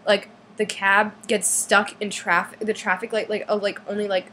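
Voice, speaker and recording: A teenage girl casually telling a long story to her camera, full of "like" and acted-out quotes in a higher voice. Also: level tone, moderate pace, pushed and bright, a little hiss or hum. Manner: chatty, lots of "like", acts out quotes in higher voice. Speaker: fan vlogger.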